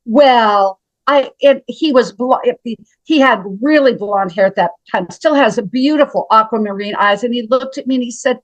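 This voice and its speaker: At a moderate pace with few pauses, the Montana woman in her seventies, a health practitioner, speaks in a slightly high voice as an interview guest telling her story. She's dramatic, emphatic and often names the host, heard through a muffled recording with no room sound.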